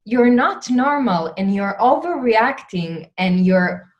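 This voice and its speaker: A woman with an Israeli accent interviewing, telling stories in a lively way with acted-out screams and laughter. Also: on the high side, slow pace, lo-fi sound. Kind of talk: conversational interview.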